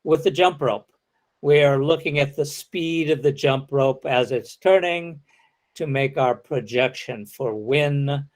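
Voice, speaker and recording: Give me a man lecturing at a slow, measured pace, explaining each point step by step. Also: a little high. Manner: explains step by step, acts out example sentences. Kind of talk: academic lecture.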